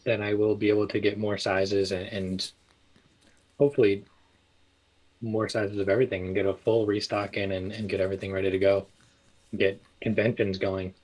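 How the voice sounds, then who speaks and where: In a casual interview chat, a man with a lowish voice talks at a moderate pace about his small clothing business. He's relaxed and rambling, constantly restarting and using fillers, and the audio is poor.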